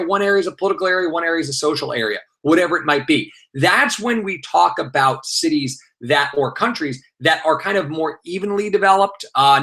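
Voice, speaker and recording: Upbeat guy running a live exam review, bright voice, bit high, lots of ums. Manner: energetic, animated delivery with fillers and playful asides. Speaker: teacher leading an exam review. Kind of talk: live online review session.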